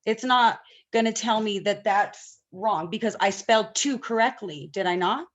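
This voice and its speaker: A woman's voice: mid-range voice, normal speed, dull audio. A woman teaching an online class, talking casually and often checking that students follow. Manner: chatty, asks the class questions often.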